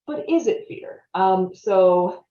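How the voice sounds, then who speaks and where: A woman's voice: mid-range voice, lively intonation, slow pace, dark tone. Woman giving a chatty training talk, sounds far off in an echoey room, kinda dull audio. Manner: chatty, often adds "right?" to check in. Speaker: webinar presenter on stalking. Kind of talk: conversational training webinar talk.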